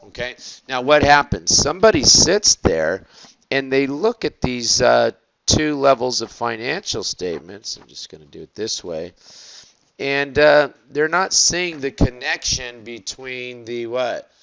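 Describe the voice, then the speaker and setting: A man teaching an accounting lecture, asking the class quick rhetorical questions and stretching out key words. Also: medium pitch, animated, gravelly, a bit bright, dull audio.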